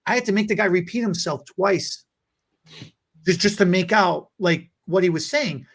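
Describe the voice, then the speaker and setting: A man hosting a podcast, telling a story in a casual, animated, rambling way. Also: high-pitched, normal speed, husky. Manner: animated, rambling, many fillers and restarts. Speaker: podcast host.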